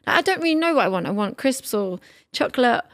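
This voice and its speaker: A woman's voice: a little high, sing-song, fast talker, fairly bright tone. Chatty woman, teasing. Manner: chatty, teasing, mimics her partner. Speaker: podcast co-host. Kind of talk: casual chat.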